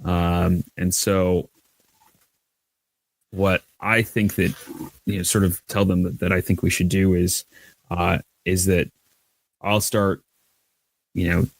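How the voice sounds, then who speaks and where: Deep-voiced man playing a tabletop game. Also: flat delivery, slow pace, pauses often, no echo. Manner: hesitant, many restarts, acts out shouted lines. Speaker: player. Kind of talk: tabletop role-play, in and out of character.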